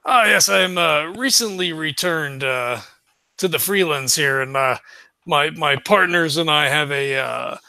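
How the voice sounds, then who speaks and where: A polite, hesitant traveler in a tabletop game, played by a man. He asks his way with courteous, halting phrasing full of fillers. The voice is slightly high, gravelly and bright, recorded dry. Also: no echo, full character voice. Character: polite male traveler returning home.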